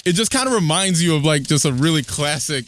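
A man's voice: fairly high pitch, expressive, fast, a bit bright, a little hiss or hum. A man guesting on a podcast, talking loosely with many restarts. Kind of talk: casual podcast conversation.

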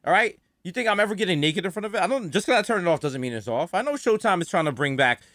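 A man's voice: high voice, lively intonation, rapid-fire, fairly bright tone, no echo, studio quality. A man in casual comedic banter on a video call, joking and repeating words for emphasis.

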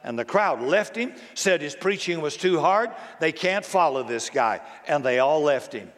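Male pastor with a somewhat high voice, preaching conversationally and quizzing the congregation, with long church reverb. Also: expressive, moderate pace. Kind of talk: sermon. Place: church sanctuary.

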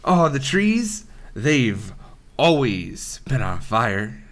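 A man voicing a gruff male dwarf miner who speaks slowly and heartily, in a mid-pitched voice. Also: sing-song, fairly bright tone, full character voice. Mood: hearty.

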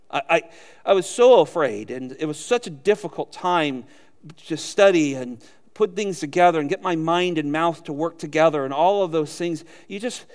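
A male pastor preaching with a fairly high voice and lively delivery. He acts out quotes in character and chuckles often as he talks. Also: moderate pace, gravelly, long reverb tail. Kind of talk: sermon.

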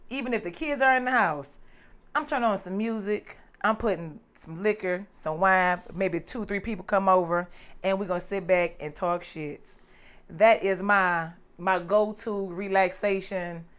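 A woman guest in a casual comedic chat, talking bluntly and chiming in with quick laughing remarks. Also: mid-range voice, a bit bright, clear, resonant tone. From West Side of a US city.

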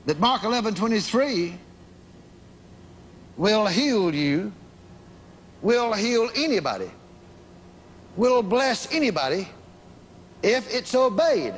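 Brief: emphatic preacher, high and swooping voice, long hall echo. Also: male voice, sing-song. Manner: emphatic, repeating phrases, sudden slow-downs. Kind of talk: sermon. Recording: reverberant hall with faint noise.

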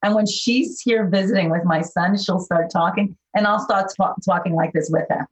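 A woman's voice: medium pitch, normal speed. Enthusiastic woman with a faint New York accent. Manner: warm, enthusiastic, chatty with many fillers. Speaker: actress guest. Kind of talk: casual interview chat. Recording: dull, lo-fi sound.

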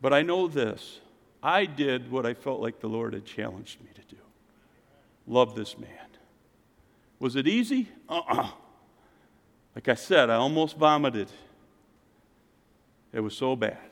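Animated preacher in a reverberant hall. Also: male voice, mid-range voice, a little slow, gravelly, long pauses. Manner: animated, swings from loud to hushed. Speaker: pastor. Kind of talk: sermon storytelling.

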